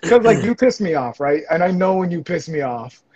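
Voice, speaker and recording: A man's voice: on the high side, very animated, a little fast, crowd noise. A young man from California, teasing his friend in casual banter, laughing and acting out quotes. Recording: dull lo-fi sound.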